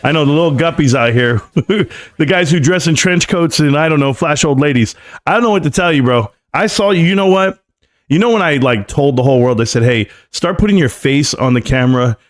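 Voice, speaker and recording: A male live stream host with a slightly higher-than-usual voice. He rants at his critics in a combative, sarcastic, mocking tone. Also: lively intonation, brisk. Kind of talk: ranting live stream commentary.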